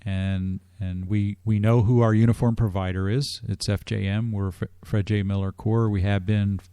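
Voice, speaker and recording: A man as a guest on a radio interview, explaining things in a measured way with frequent restarts. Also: fairly low pitch, little pitch movement, dark tone, clean tone, no room sound. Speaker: drum corps staff guest.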